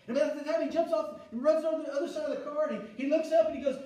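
A male pastor preaching a sermon, swinging between loud exclamation and hushed, soft passages, with frequent restarts. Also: very high-pitched, lively intonation, fast talker, few pauses. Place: church sanctuary. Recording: very echoey church room, mic at a distance.

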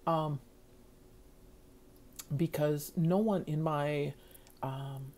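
Middle-aged woman, vlogger; earnest, rambling delivery, low mellow voice, unhurried. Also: fairly even intonation. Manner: earnest, rambling, heartfelt, many fillers. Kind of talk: casual personal vlog.

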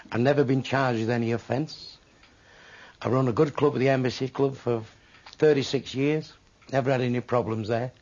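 An older man, a stand-up comedian, telling crude jokes full of swearing with deadpan punchlines. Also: medium pitch, creaky, slightly rough. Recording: muffled lo-fi with faint hiss.

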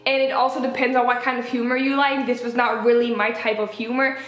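Young woman vlogger, casual chat, animated, slightly high voice, echoey room. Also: fairly quick. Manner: chatty and animated, acts out quotes with pitch jumps. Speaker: vlogger reviewing a film.

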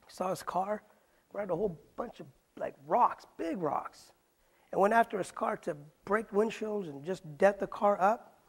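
A man's voice: sits high, moderate pace, breathy edge. A man preaching in a Bible study sermon, asking rhetorical questions and using casual street slang. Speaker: pastor.

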